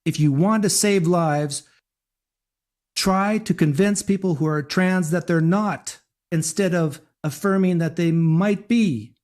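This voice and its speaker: A man's voice: high-pitched, slow, darkish tone. A man giving an opinionated monologue in a preachy way, repeating his points.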